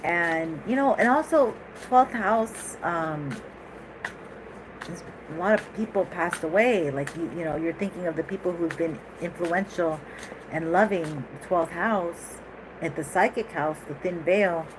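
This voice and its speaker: Woman tarot reader, lowish voice, rambling and chatty, noisy recording. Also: a little slow. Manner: chatty, animated, laughs often, rambling asides. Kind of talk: casual tarot reading.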